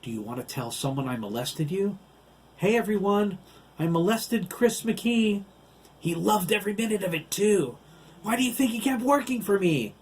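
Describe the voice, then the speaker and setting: A man's voice: medium pitch, animated, brisk, few pauses, darkish tone, slightly rough, pitched above the performer's own voice. A man voicing a cruel male giant who taunts and gloats over his captives. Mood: taunting. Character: gleeful cruel male giant, sneering villain.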